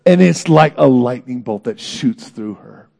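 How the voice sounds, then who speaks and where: A man preaching a sermon in an earnest, dramatic way, swinging between loud emphasis and hushed moments. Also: medium pitch, animated, a little slow, vocal fry. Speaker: pastor.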